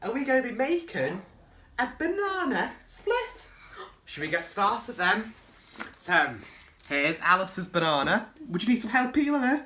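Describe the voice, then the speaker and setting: Gentle, sing-song man. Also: a little high, a little hiss or hum. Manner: gentle, patient and coaxing, asking many questions. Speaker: co-host of a home cooking video. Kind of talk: casual, encouraging chat while making a treat.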